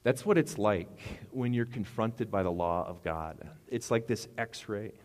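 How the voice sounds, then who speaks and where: A man's voice: lowish voice, measured pace, a little mellow, big-room sound. A middle-aged man preaching a sermon as pastor, rambling and conversational with asides.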